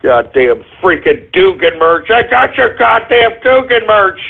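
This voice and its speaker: A man hosting a talk radio show, ranting and swinging from calm talk to angry shouting. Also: sits high, a little slow, gravelly, breathy edge. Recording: muffled phone-like internet radio audio.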